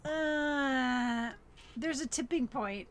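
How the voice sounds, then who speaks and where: A woman's voice: high-pitched, very slow, no echo. A young woman co-hosting a casual, tipsy live-stream chat, giving brief giggly replies. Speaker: podcast co-host.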